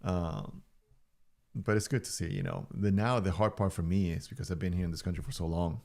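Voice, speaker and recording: Streamer, male, 40s, native Spanish speaker; deep gravelly voice, joking and easygoing. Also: lively intonation, brisk, darkish tone. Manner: playful, joking, chuckles often. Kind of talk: casual stream chat.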